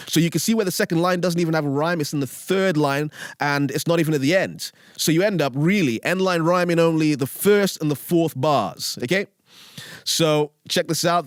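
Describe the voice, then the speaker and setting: A man's voice: on the high side, no room sound. A man with a British accent giving a casual lesson on writing rap lyrics, often checking in with "all right?" and "okay?". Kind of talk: casual instructional talk with rap examples. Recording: dry close mic with faint beat underneath.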